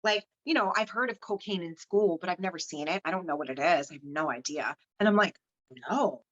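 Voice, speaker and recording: A woman's voice: fairly low pitch, fast talker, fairly bright tone. A woman guest telling her personal story frankly and without a filter, swearing freely and acting out what others said, in a slightly dull recording. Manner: frank and unfiltered, swears freely, acts out quoted dialogue. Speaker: podcast guest.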